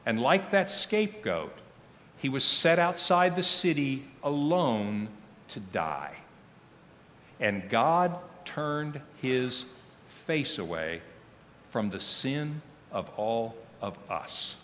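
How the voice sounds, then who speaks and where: Slow, solemn pastor in a reverberant church. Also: male voice, mid-range voice, very animated, a little hiss or hum. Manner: slow, solemn reading with falling, hushed phrase ends. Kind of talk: sermon. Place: church sanctuary.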